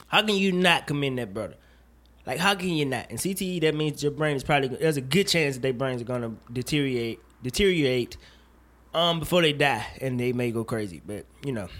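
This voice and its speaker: Man, podcast host, casual chat, animated and profane, fairly high voice. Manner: animated, profane and jokey, rambling asides.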